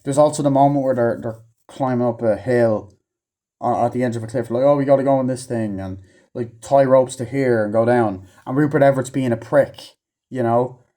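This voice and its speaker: A man's voice: mid-range voice, moderate pace, warm tone. A man rambling through a casual, profane movie review, with offhand asides and many fillers.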